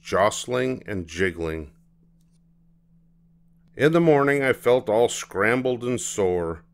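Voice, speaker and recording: An older man reading a children's storybook aloud in a gentle, expressive manner. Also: low-pitched. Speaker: storybook reader.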